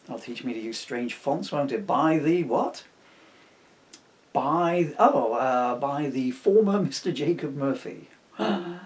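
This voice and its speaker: A man reading aloud from his own comic novel, breaking off often for self-mocking asides. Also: medium pitch. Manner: digressive, self-mocking jokes between passages.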